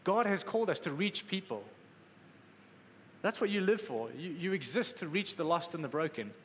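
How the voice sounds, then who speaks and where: A man's voice: fairly high pitch, animated, normal speed, a little hiss or hum. A man preaching a sermon in a conversational, emphatic way, acting out quotes as he goes. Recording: echoey hall with faint ambience.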